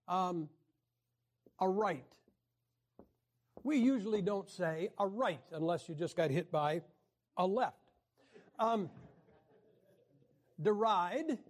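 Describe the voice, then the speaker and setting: Man, high voice, wry Bible teacher; lectures with jokes, clears throat a lot. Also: a little mellow. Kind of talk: joking classroom lecture.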